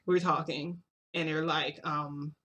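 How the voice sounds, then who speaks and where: A woman's voice: deep voice, little pitch movement, slow, fairly bright tone. A woman vlogger casually recounting a long story, rambling and filling her talk with "like" and "um". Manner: rambling, heavy with "like" and "um" fillers.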